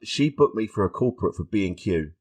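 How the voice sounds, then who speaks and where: A man, a stand-up comedian guest on a podcast, telling stories in a lively way and acting out the voices of people he quotes. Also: on the low side, a little fast. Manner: animated storytelling, acts out quoted voices. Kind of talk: casual podcast interview.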